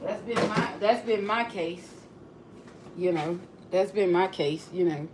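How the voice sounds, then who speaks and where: A woman's voice: fairly low pitch, measured pace, noisy background. A woman with a regional accent chatting casually on a livestream, reflective and often repeating and restarting her phrases. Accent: non-local regional accent. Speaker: livestream host.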